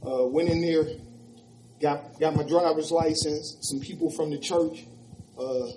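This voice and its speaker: A man in his fifties speaks at a live teach-in in a church hall, telling his own story as personal testimony. His voice sits a bit high for a man, and he replays both sides of old conversations in a raised voice. Faint background noise runs under the talk. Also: steady tone, unhurried, dark tone. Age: 50s.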